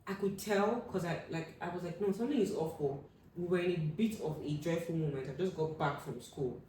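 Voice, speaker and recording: A young adult woman telling a personal story as an interview guest, acting out what people said with sudden loud high bursts. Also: fairly quick, far from the mic. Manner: animated, acts out quoted voices with sudden loud high bursts. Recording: echoey room, voice from off the mic, faint room hum.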